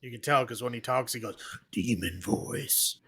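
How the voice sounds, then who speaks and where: A man's voice: mid-range voice, level tone, fast talker, a bit bright, slightly rough, no room sound. A man co-hosting a podcast, dropping dry sarcastic asides about a movie in casual chat. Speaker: podcast co-host.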